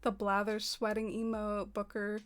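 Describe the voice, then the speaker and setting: A soft-spoken woman streaming and chatting casually with her viewers. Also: medium pitch, monotone, normal speed. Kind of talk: casual livestream chat.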